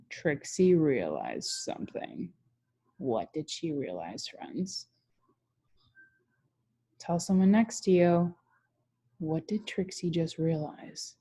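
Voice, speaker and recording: A young woman teacher reads a picture book aloud to children and keeps stopping to chat and ask them questions. Her voice is breathy, and her pitch moves in a lively way. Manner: chatty, asks children questions.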